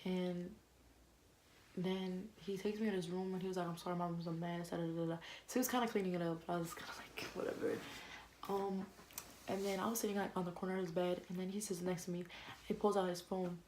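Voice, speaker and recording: A young woman vlogger telling a casual storytime, fast and slangy, full of "like" and quoted back-and-forth. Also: fairly low pitch, steady tone, a little mellow, a little hiss or hum, rough recording.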